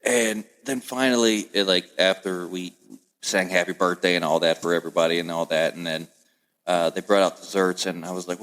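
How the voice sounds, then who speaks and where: A man hosting a casual podcast chat, telling lively family stories and acting out the voices of relatives. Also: sits low, fairly quick. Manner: animated storyteller, acts out family voices. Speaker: podcast host.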